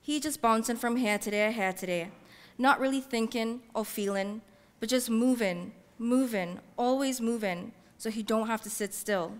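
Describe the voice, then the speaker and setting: A woman author reading her fiction aloud in a measured, heartfelt first-person voice, using Caribbean-English dialect. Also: fairly high pitch. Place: library event space. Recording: long reverb from a large hall.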